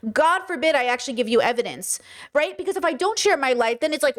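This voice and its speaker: A young woman with a high voice talks to her chat on a livestream. She answers their comments emphatically, and her voice climbs into loud, passionate peaks. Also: animated, fast talker. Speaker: streamer reading chat.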